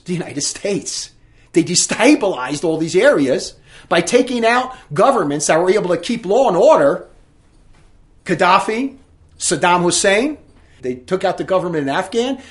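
A man delivering an indignant, forceful monologue with emphatic delivery. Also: fairly high pitch. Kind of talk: ranting monologue commentary.

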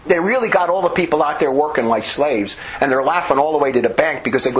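A man's voice: fairly high pitch, expressive, fast talker. A man preaching an impassioned sermon, emphatic and rambling, often restarting his sentences. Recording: dull lo-fi recording.

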